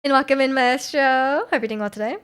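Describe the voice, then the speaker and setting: A young woman with a high, light voice hosts a livestream from her home streaming setup. She chats casually into her streaming mic and reads viewer messages aloud. She giggles often and fills pauses with "um" and "like". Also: fairly bright tone, clear, resonant tone. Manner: chatty and giggly, with frequent laughs and filler words. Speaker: livestream host.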